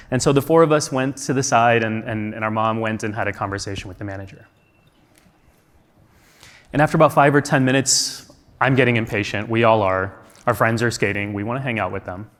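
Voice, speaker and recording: In a large conference hall, a man from the U.S. recounts a personal story with earnest reflection and plenty of rhetorical questions. He talks briskly at a medium pitch, and the hall adds a long reverb.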